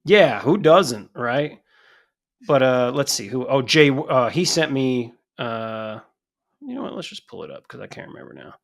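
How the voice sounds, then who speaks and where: A man's voice: mid-range voice, measured pace, vocal fry. A man co-hosting a wrestling podcast, rambling and swearing in casual chat. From United States. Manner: rambling, profane, animated. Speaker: podcast co-host.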